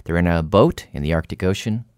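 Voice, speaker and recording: A man's voice: deep voice, fairly quick, clean tone, no echo, studio quality. A man hosting a radio show, narrating and asking curious questions in a conversational way. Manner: curious, animated interjections.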